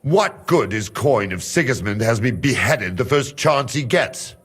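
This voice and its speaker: A wary Hungarian guard. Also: male voice, mid-range voice, lively intonation, husky. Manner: measured, cautious. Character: wary male Hungarian guard, family man, calculating.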